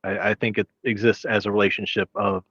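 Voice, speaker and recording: A low-voiced man calls in to a live discussion. He explains his view haltingly and thoughtfully. His line sounds dull, dry and lo-fi. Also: flat delivery, a bit bright, no room sound. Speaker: caller. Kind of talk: casual discussion.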